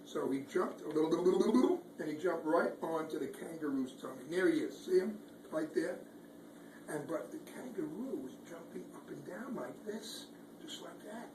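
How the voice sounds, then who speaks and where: Man reading a storybook to kids, lively up-and-down voice, slightly high, echoey room, distant mic, background noise. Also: normal speed. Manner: animated, pointing out pictures, sound effects. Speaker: uncle reading to children. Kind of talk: reading a picture book aloud.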